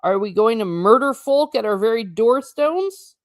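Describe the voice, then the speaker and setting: A woman reading the lines of a stout, bossy but kind housekeeper, with brisk scolding. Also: fairly high pitch, lively intonation, no echo, studio quality, voice pushed up, close to an everyday voice.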